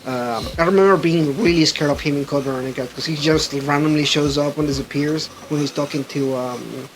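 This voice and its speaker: Excitable high-voiced man rambling about games. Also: brisk, a little hiss or hum, low-quality recording. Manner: rambling, excitable, frequent restarts and laughs. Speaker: podcast host. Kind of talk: casual gaming chat.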